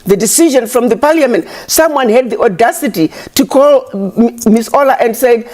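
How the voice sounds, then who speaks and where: A woman's voice: fairly high pitch, expressive, normal speed, hardly any pauses, darkish tone. A woman giving an impassioned public address, scolding her critics with repeated rhetorical questions.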